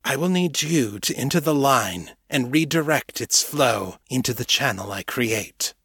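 An ancient male skunk mage, voiced by an audiobook narrator, speaking in a flat, unchanging tone of cool detachment. The delivery is slow and husky, set close in a dry sound. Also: mid-range voice, dry recording, heavily acted. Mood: detached.

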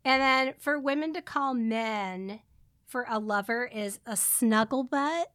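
Giggly lady cohosting a podcast, high voice, super dry sound, just chatting. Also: slow, fairly bright tone, no room sound. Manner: giggly, laughs between phrases. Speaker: podcast co-host. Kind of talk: casual chat.

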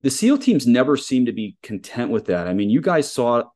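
A man's voice: medium pitch, sing-song, moderate pace, a little mellow. A man, a Catholic priest, hosting an interview and explaining ideas earnestly at length. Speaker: podcast host, Catholic priest. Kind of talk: conversational interview.

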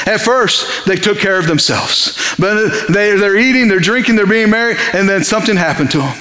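A man preaches, his voice sitting high for a man. He reads scripture and breaks into acted lines for the people in the story, rising and dropping as he goes. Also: normal speed, hardly any pauses, reverberant. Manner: animated, dramatizes scripture with character voices. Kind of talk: sermon.

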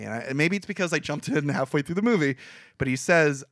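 A man co-hosting a podcast, casually retelling a movie plot in a rambling, animated way, full of fillers. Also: on the high side, fast talker, no echo, clean studio sound. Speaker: podcast co-host.

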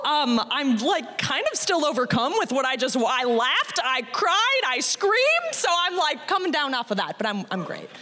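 A woman's voice: sits high, normal speed, few pauses. A woman who once played the game, gushing as a guest on a live panel and filling her talk with "like". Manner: gushing, animated, lots of "like". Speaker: guest, former contestant. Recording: reverberant live venue.

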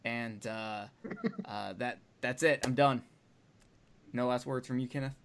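A man's voice: medium pitch, a little slow, fairly bright tone, a little hiss or hum. A man hosting a podcast in loose, profane, joking casual chat. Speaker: podcast host.

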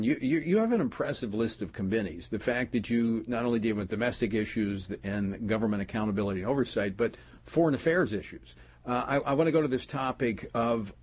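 A middle-aged man hosting a political talk show, brisk and agreeable with his guest. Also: mid-range voice, darkish tone, breathy edge. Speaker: radio host.

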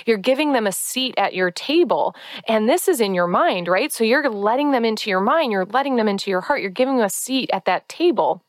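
A woman hosting a podcast as a coach, talking casually and earnestly, sometimes acting out voices in a high pitch. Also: no room sound. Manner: earnest, acts out inner-critic voices in high tones. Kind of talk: casual solo podcast talk.

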